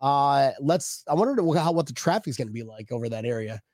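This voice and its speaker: A man's voice: medium pitch, expressive, brisk, darkish tone, no room sound, clean studio sound. A man co-hosting a casual sports chat show, joking and laughing often as he reads viewer comments. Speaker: podcast co-host.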